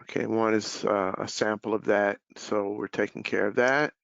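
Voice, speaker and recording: A man hosting a business webinar as a life sales director, talking in a casual, relaxed way with fillers. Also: fairly low pitch, normal speed, creaky, no room sound. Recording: dull lo-fi call audio.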